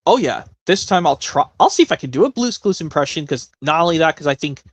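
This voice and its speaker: A man's voice: a little high, expressive, quick pace, breathy edge, dry recording. A man hosting a casual live stream, chatting in a rambling way with many self-corrections.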